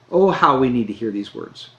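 A man preaching a sermon, earnest and emphatic, slowing down to stress key phrases. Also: medium pitch, lively intonation, a bit bright. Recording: roomy echo.

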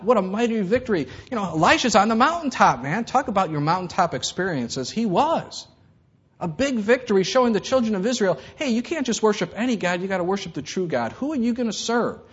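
Male pastor preaching in a casual, storytelling way, slightly high and husky, muffled recording. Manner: conversational preaching, acts out voices in stories. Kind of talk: sermon.

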